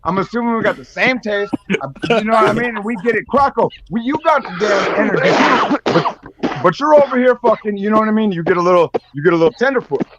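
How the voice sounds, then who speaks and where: Man from North Dakota, loud and wound-up, a bit higher-pitched, curses constantly; casual podcast chat. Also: fast, lo-fi sound, over a noisy crowd. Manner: loud, excitable, heavy swearing.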